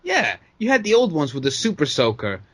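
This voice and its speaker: A man's voice: fairly high pitch, huge pitch swings, fairly quick, fairly bright tone. A man co-hosting a wrestling podcast in casual chat, talking loosely with lots of swearing, fillers and jokey quoted voices. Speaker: podcast co-host.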